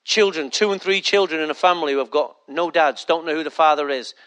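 A man's voice: a little high, fast, a bit bright. A man preaching a sermon as pastor, emphatic and joking as he speaks straight to the congregation.

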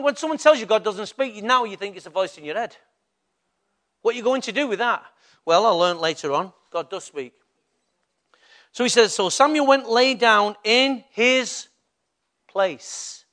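An older man with a Mancunian accent, a pastor preaching a lively sermon and putting questions to the congregation in church. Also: high-pitched.

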